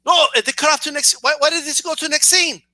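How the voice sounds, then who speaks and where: Racing along at an extremely high pitch with no echo, the young boxing-channel vlogger rants for laughs to the camera. Expect heavy swearing, a slight cough, stammered repetitions, and acted-out shouts.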